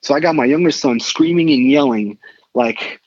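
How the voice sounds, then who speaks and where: A middle-aged man, a podcast guest, telling a story casually and animatedly, with quick excited bursts. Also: medium pitch. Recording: dull lo-fi sound.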